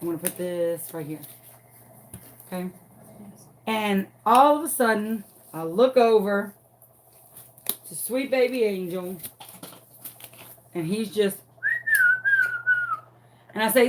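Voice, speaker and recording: Woman crafting vlogger, casual dramatic storyteller, recorded at home, talks slowly. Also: mid-range voice, slight background noise.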